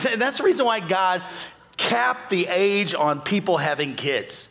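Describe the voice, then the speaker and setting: A man preaching a sermon with a high, bright voice that leaps up and down across a wide pitch range. He jokes with the congregation and breaks into sudden shouts and mock voices, a pastor working a large church from the stage. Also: unhurried, creaky. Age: older. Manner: animated, jokey, bursts into shouts and mock voices.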